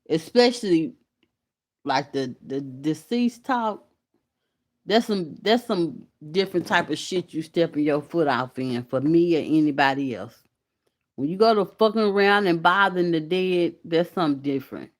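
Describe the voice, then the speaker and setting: A woman from Alabama, hosting a casual livestream and talking candidly and emphatically to her viewers. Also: fairly low pitch. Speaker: YouTube commentary host.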